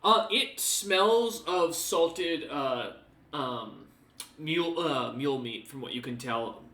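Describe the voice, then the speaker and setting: Male game master narrating a session; rambling, bright tone, roomy distant mic. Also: fairly high pitch, expressive, takes it slowly. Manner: rambling, many fillers.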